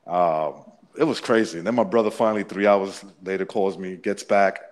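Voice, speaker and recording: A man's voice: low voice, fairly even intonation, moderate pace. A man casually recounting a personal story, rambling with many restarts and frequent swearing. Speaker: interviewee.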